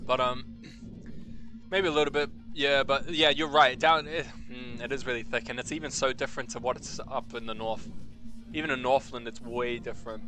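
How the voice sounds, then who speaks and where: Bright-voiced chatty streamer man. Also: mid-range voice, steady tone, normal speed, faint music behind. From New Zealand. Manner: rambling, slangy and swearing, calls chat bro. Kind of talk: casual game stream chat.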